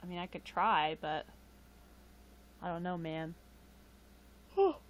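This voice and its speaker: A woman's voice: lowish voice, slow pace, slight background noise. A tired woman chatting casually with live-stream viewers, rambling with frequent chuckles and fillers into a webcam mic. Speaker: livestream host.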